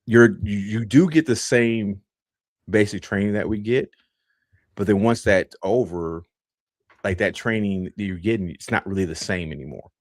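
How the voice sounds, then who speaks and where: A man's voice: on the low side, moderate pace, no echo. A man hosting a podcast, telling a laid-back, rambling story with many fillers, close to the mic. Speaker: podcast host. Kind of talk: casual storytelling.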